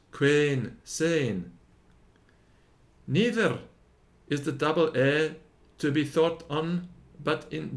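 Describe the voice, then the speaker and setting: Man reading a grammar lesson aloud, unhurried, sounds out every example word one by one. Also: fairly high pitch. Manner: slow, deliberate, sounding out each example word.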